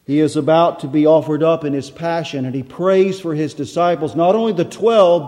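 A man preaching a sermon to a congregation, with emphatic expository delivery and sharp swings between loud and soft. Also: fairly high pitch, animated, moderate pace, hardly any pauses. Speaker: pastor. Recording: long reverb of a large hall.

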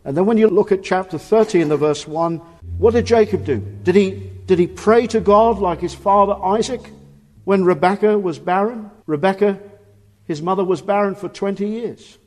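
A man's voice: high voice, moderate pace, a little mellow. A man preaching a sermon earnestly and emphatically, often asking rhetorical questions. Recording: long reverb of a large hall.

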